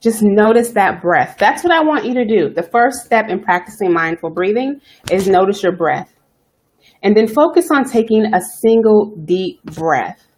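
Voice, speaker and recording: A woman hosting a self-care live stream, talking fast and chatty, greeting viewers by name as she coaches. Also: medium pitch, expressive, a little mellow. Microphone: webcam or phone live stream.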